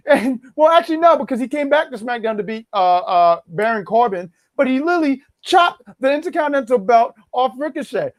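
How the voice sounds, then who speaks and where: This is a lively, joking co-host of a wrestling review show, whose pitch leaps all over the place while they rant. The voice is recorded close and dry, with no room sound at all. The talk is casual and full of laughter. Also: fairly quick, dry recording. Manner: animated, joking, rants and laughs often.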